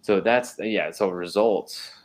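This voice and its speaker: Earnest low-voiced man. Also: slow. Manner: earnest, repeats and restarts, rhetorical questions. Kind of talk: casual faith discussion.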